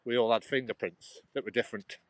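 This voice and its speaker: A man's voice: medium pitch, fairly even intonation, fast, a bit bright, no room sound. A man vlogging casually while walking outdoors through a churchyard, chatting in a rambling way with frequent restarts.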